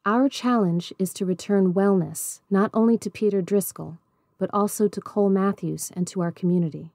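A woman voicing a patient woman circle keeper in a storybook reading, measured and gentle. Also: medium pitch, no echo, studio quality, lightly acted. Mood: calm.

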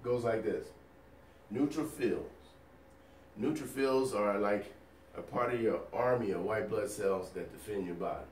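A male nursing educator teaching a recorded lecture over slides, energetic and folksy, firing rhetorical questions at the listener. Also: fairly low pitch, a little slow, roomy sound, recorded from a distance, a little hiss or hum. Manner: folksy and playful.

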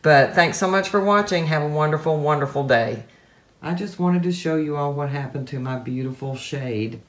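A woman's voice: low-pitched, normal speed. A woman craft artist talking casually to her camera while she works, gushing and exclaiming with delight. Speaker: craft artist showing her paint pour. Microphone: camera mic, camera moved by hand at times.

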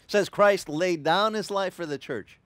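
Male pastor, sermon delivery, animated storyteller, slightly raised pitch, dry close mic. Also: moderate pace, dry recording. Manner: animated storytelling with acted-out quotes. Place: church.

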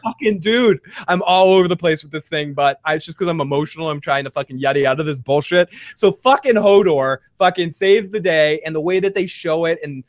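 An excitable male podcast host with a high voice, rambling through a casual recap and swearing freely. The sound is dry and close, with no room around it. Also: fairly quick, hardly any pauses, no echo. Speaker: podcast host taking calls.

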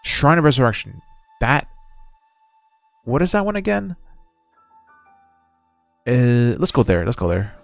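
A young man giving casual, excitable gameplay commentary as a streamer, chatty and slangy, reading game text aloud. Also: mid-range voice, unhurried, vocal fry, long pauses, soft background music. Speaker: gaming streamer.

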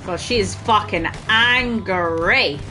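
A woman's voice: mid-range voice, takes it slowly, bright, forceful tone, soft background music. A woman commentating casually as she plays a game, swearing freely and laughing at her own mistakes. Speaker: gaming streamer. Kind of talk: casual let's-play commentary.

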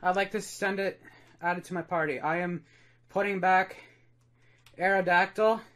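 A man's voice: high-pitched, fairly even intonation, normal speed, a bit bright. A young man casually commentating a game on a livestream, swearing freely and calling his viewers dude and guys. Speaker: streamer. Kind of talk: excited gaming livestream commentary.

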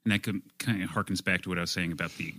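A man on a casual podcast explaining his point in a thoughtful, measured way. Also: deep voice, fairly even intonation, pushed and bright. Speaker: podcast co-host.

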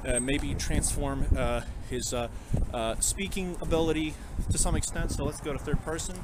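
Man, deadpan mock game-demo narration, rambling with fillers, slightly high voice, phone recording, city street noise. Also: normal speed. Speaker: streamer. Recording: loud street noise outdoors.

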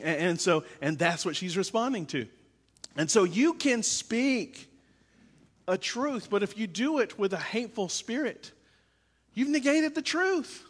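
A male pastor with a high-pitched voice delivers a sermon in a loose, conversational way, leaning on repeated phrases to drive points home. His voice rings out with the long reverb of a church sanctuary. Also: fairly bright tone.

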